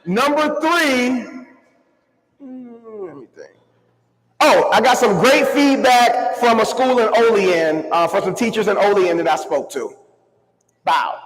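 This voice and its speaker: A man giving an energetic motivational keynote to a live crowd, calling on the audience to answer and move along with him. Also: high voice, slow. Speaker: motivational speaker. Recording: long hall reverb.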